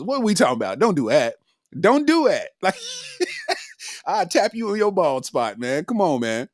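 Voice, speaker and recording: A man's voice: sits high, no room sound, studio quality. A man hosting a comedy podcast, riffing in a loose, slangy monologue and laughing often.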